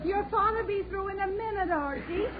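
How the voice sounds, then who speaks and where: A woman's voice: very high-pitched, fairly quick. An actress playing a chatty, easily flustered middle-aged housewife and mother in a 1940s-style radio comedy. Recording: tinny old radio broadcast with hiss.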